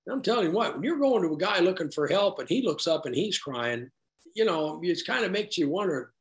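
A middle-aged man with a fairly high voice tells his recovery story to a group. He rambles in a loose, conversational way and keeps slipping in dry, self-mocking asides. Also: animated, fairly quick. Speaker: recovery meeting speaker.

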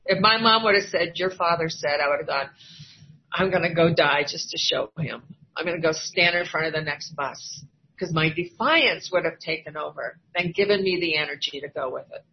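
A woman's voice: sits low, moderate pace. Older woman sharing her recovery story at a meeting, candid, acts out the voices she quotes, muffled lo-fi recording. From Iowa, US. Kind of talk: personal testimony at a recovery meeting. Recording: dull lo-fi recording, faint ambience.

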